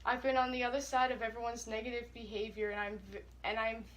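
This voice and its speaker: Bright-voiced young woman reading aloud. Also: fairly high pitch. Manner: flat, hurried reading broken by giggles. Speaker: co-host. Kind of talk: reading fan fiction aloud for laughs.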